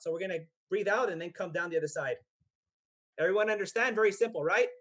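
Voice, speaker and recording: Guy with a fairly high voice talking slow and patient, guided breathing then buddhist stories for kids, keeps asking okay?. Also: a bit bright. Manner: patient, checks in often with "okay?" and "right?". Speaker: meditation teacher. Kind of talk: guided breathing and Dhamma talk. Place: temple hall.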